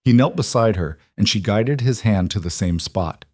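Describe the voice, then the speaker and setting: A man narrating a scripted western story in a steady, measured way. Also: lowish voice, no room sound, studio quality.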